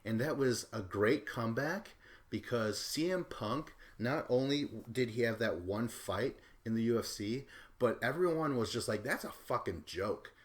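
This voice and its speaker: A man's voice: mid-range voice, expressive, measured pace. A man hosting a podcast, rambling casually through a recap and swearing offhandedly. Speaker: podcast host.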